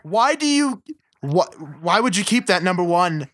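A man's voice: sits high, big pitch swings, a little slow, a bit bright. A man co-hosting a casual movie-review podcast, blunt and sarcastic, swearing freely. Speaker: podcast co-host.

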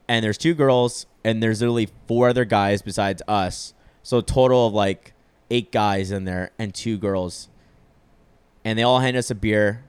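In a casual chat, a young man rambles through a long story on a podcast, packing it with filler words and swearing freely. His voice is fairly low and smooth, and the recording is dry.

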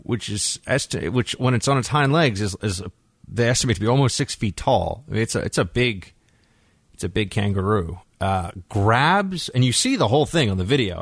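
A man's voice: fairly low pitch, no echo, clean studio sound. A man hosting a talk radio show, chatting casually and giving his opinions, often restarting his sentences. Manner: conversational, frequent restarts, opinionated. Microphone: studio microphone.

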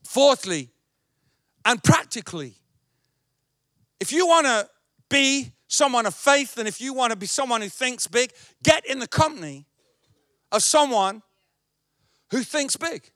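A man's voice: very high voice, animated, a little slow, long pauses, pushed and bright, no room sound, studio quality. A male pastor preaching a sermon, emphatic and repetitive.

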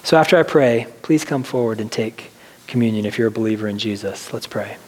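A male pastor giving an earnest sermon, slowing down to stress key phrases before leading a prayer. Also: on the low side. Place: church sanctuary. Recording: long reverb of a large hall, faint music.

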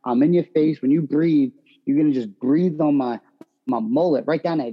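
A man, a boxer giving brash, animated answers in an interview. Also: mid-range voice, fast, lo-fi sound.

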